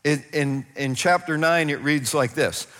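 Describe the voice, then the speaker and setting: Male pastor, fairly high voice, storytelling sermon in a reverberant hall. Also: unhurried. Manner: animated storytelling with laughs and acted-out voices.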